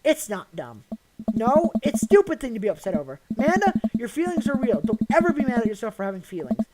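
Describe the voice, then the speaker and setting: A woman voicing a kind, joking father who gives earnest, gentle advice. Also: fairly high pitch, very animated, fast talker, over a noisy crowd, low-quality recording. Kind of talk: voicing a visual novel character.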